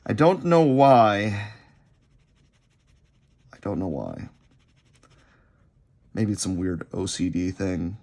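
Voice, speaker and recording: Male artist vlogger, gravelly, lively pitch, rambling unscripted chat while sketching. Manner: rambling, halting, repeats himself.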